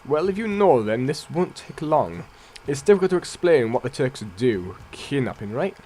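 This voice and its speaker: A man reading aloud the lines of a calm male secret-agent leader from a game, in a flat read-aloud delivery. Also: mid-range voice, normal speed, slight background noise, natural voice. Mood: explaining.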